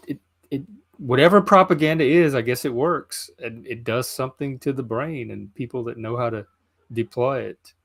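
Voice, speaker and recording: A man hosting a casual podcast, talking bluntly and critically, often thinking aloud. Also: medium pitch. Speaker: podcast host. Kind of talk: casual chat.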